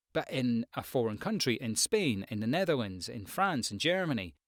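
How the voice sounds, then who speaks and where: Male voice-over pro, mid pitch, casual frank advice, dry close recording. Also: dry recording. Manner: conversational, frank, with frequent ums and asides. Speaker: voice-over artist giving career tips. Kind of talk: casual advice talk to camera.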